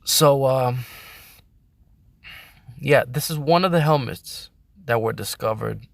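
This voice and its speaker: A man talks at a middling pitch in a loose, rambling way, swearing freely and breaking into laughter. His voice sits dry and close, with no echo around it. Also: takes it slowly, gravelly. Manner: rambling, profane, laughs often. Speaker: host. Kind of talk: casual vlog commentary.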